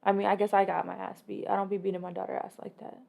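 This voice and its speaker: A woman guest on a podcast who tells profane, animated stories and acts out other people's voices. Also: mid-range voice, racing, gravelly. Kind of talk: casual podcast chat.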